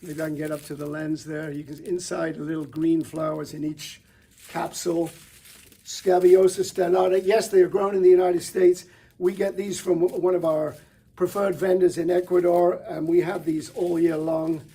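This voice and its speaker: Husky-voiced enthusiastic male florist. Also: on the high side, level tone, normal speed, mellow. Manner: enthusiastic, chatty, with fillers and restarts. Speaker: florist presenter. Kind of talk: product showcase demonstration.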